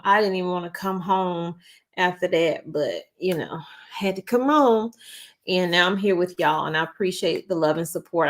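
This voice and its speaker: A middle-aged woman talks in a slightly low voice, hosting a casual news vlog. She chats freely and personally, greeting her viewers by name. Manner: chatty, warm-hearted, talks to viewers by name. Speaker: channel host.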